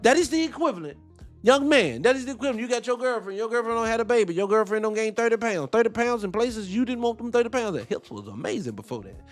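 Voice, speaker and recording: A man's voice: extremely high pitch, lively intonation, quick pace, faint music behind. A man giving heated, profane reaction commentary, firing off rhetorical questions.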